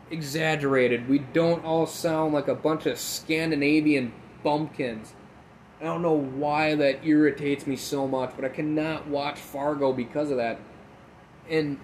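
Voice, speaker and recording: Young minnesotan guy ranting on his podcast, kinda high voice, cursing a lot, phone mic with faint hiss. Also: rough recording. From Midwest, Minnesota. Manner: rambling, profane, ranting. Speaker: podcast host. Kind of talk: casual solo podcast monologue. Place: inside a tin building, rain outside.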